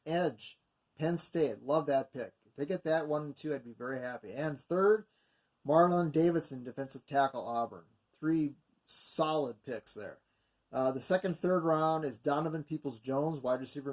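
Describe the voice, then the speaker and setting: The speaker, a man with a fairly high, slightly mellow voice, talks at normal speed. As a video host going over mock drafts, he casually works through picks from his notes, rambling unscripted with plenty of fillers and self-corrections.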